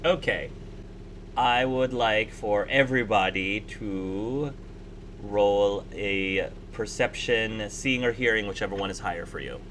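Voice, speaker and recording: A man narrating a tabletop game as game master, pausing and restarting often as he describes the scene. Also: lowish voice, fairly bright tone, slight background noise, poor audio. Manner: halting, with many restarts and fillers.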